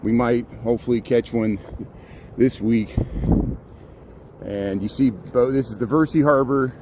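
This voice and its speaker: A man with an unhurried, mid-range voice livestreams his walk through a city park at dawn, holding his phone as he chats. His talk rambles with repetitions and restarts, he's a little out of breath, and traffic and street noise sit faintly underneath.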